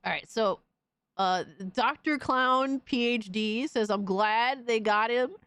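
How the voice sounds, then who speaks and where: A woman hosting a live stream, reading chat messages aloud and reacting in an excitable, profane, casual way. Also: on the high side, slow, clear, resonant tone, no echo. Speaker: livestream host reading chat.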